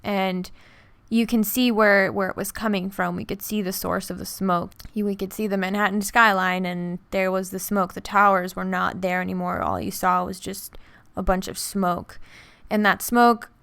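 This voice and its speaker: Young new woman telling a personal story on her vlog, soft and halting, smooth voice, dry close sound. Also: mid-range voice, level tone, no room sound. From New York. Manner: soft, hesitant, halting with many restarts. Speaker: art vlogger.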